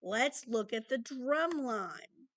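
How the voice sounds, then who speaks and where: Patient music teacher, high voice. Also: female voice, animated, slow, fairly bright tone, no room sound. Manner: patient, counts rhythms aloud. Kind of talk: recorded music lesson for children.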